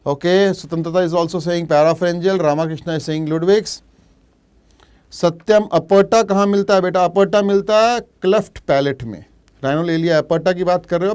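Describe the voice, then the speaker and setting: Indian guy doing a live online exam revision class, smooth resonant voice, bit high, answers the chat and drops into hindi now and then. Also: darkish tone. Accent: Indian English. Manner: explains cases while reading out viewers' chat answers; mixes in Hindi asides. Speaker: medical exam teacher.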